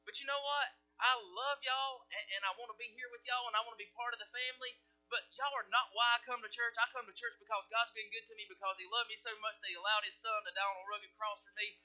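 High, bright-voiced preacher. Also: male voice, fairly even intonation, fast talker, hardly any pauses, dull audio, faint music behind. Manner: preaching with swings from loud to hushed. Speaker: pastor. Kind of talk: sermon.

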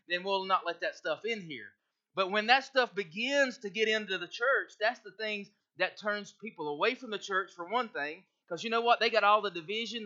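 A man's voice: high-pitched, sharp tone. A male pastor, preaching a folksy sermon and reading scripture aloud. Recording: muffled lo-fi recording.

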